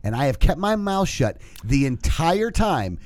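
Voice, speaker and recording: Profane, animated man ranting in chat. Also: a little high, a little slow, no echo. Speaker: podcast co-host. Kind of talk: casual chat.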